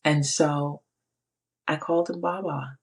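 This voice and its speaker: Casting: middle-aged woman, low husky voice, emphatic testimony speaker who repeats phrases for weight. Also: fairly even intonation, slow. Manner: emphatic, repeats phrases, quotes God in her own voice. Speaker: faith speaker. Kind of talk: personal testimony.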